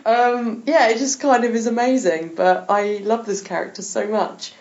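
A woman's voice: a little high, fairly even intonation, normal speed, a little mellow, muffled recording. Chatty woman podcast host. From England. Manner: chatty, enthusiastic, laughs often. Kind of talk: casual chat.

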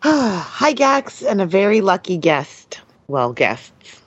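A woman's voice: medium pitch, very animated, takes it slowly, dry recording, highs cut off. A woman co-hosting a podcast, reading a listener email aloud in a playful way and laughing now and then. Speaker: podcast co-host.

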